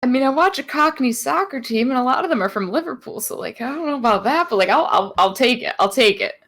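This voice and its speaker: A young American woman from upstate New York, co-hosting a podcast in loud, animated, joking casual chat. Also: high voice, fast. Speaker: podcast co-host.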